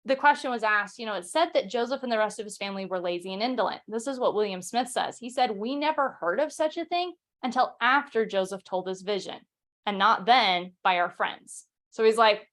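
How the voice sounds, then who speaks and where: A young woman hosting a casual history talk at a home setup, chatty and quick, with fillers and restarts, reading quotes aloud. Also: mid-range voice, a bit bright. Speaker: podcast host.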